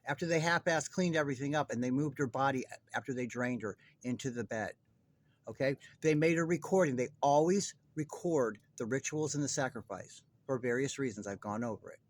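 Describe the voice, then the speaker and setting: A man's voice: mid-range voice, brisk. A man delivering a heated true-crime monologue straight to his viewers, agitated, profane and rambling. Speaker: online commentator.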